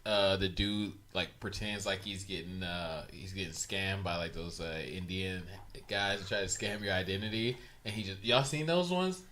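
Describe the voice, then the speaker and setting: A man's voice: deep voice, normal speed, bright, forceful tone. A man in casual podcast chat, telling stories animatedly and laughing often. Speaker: podcast guest.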